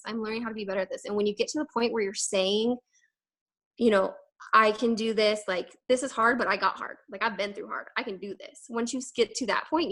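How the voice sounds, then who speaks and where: A young woman giving an energetic, emphatic motivational talk to her sales team, rambling quickly with fillers. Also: a little high. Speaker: direct sales team leader. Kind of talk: casual motivational talk to camera.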